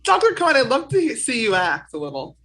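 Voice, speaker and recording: A woman's voice: on the high side, huge pitch swings, brisk, fairly bright tone, slight background noise, low-quality recording. A woman co-hosting a podcast, chatty and teasing in casual talk. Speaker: podcast co-host.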